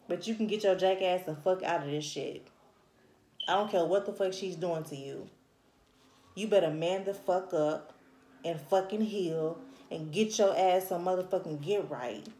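A woman's voice: lowish voice, moderate pace, dark tone, echoey room, a little hiss or hum. Blunt, profane woman tarot reader. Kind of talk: casual tarot reading to camera.

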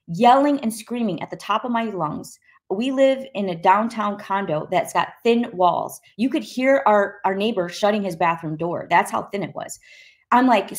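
A woman recounting her personal testimony with vivid emphasis. She tells the story in a lively way and acts out the quoted voices. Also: medium pitch. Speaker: guest sharing a personal testimony.

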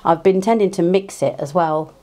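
With a mellow voice on the low side and a normal speed, an English woman rambles to camera while putting on her makeup, often restarting and using fillers. She's a beauty vlogger, and her cheap home clip-on mic captures an echoey room.

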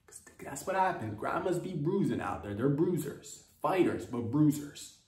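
A man's voice: on the high side, moderate pace. Rambling man in echoey room. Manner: rambling, animated, swearing. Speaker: podcast host. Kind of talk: comedic storytelling. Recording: echoey room, distant mic.

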